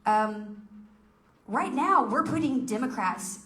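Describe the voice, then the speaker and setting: A woman's voice: fairly high pitch, lively intonation, slow, a bit bright. A woman giving a fiery political speech to a local group, firing off emphatic rhetorical questions. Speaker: political speaker. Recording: echoey room.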